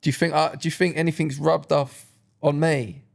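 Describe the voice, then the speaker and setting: A man's voice: on the high side, level tone, moderate pace, vocal fry. A young man, co-hosting a casual comedy podcast and joking with his mate, now and then slipping into mocking put-on voices. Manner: jokey, slips into mocking voices. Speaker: podcast co-host.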